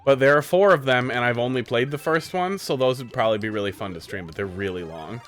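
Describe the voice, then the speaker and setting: A man's voice: medium pitch, quick pace, a bit bright, soft background music. A man streaming live, playing viewer-made game levels and giving rambling, candid critique in a casual way.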